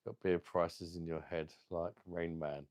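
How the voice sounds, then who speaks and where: Gravelly low-voiced man. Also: steady tone, a little slow, a little mellow, no room sound, studio quality. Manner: sweary, emotional, talks to chat viewers. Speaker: beer channel host. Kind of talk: casual live stream chat.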